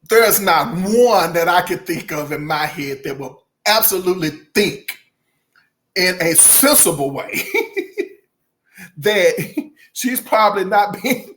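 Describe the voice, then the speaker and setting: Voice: medium pitch, slow pace, long pauses. A music channel host giving casual commentary, laughing often and talking straight to the viewers with folksy asides. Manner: laughs often, chatty and animated.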